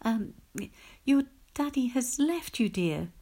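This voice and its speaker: A woman voicing a gentle, proper neighbour lady with a soft, honeyed, soothing way of talking. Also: sits high, very animated, takes it slowly, husky, pitched above the performer's own voice, heavily acted.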